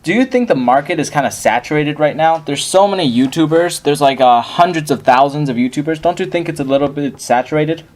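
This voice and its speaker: A man hosting a casual interview, speaking hesitantly and filling his pauses with ums. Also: on the high side, expressive, darkish tone. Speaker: host.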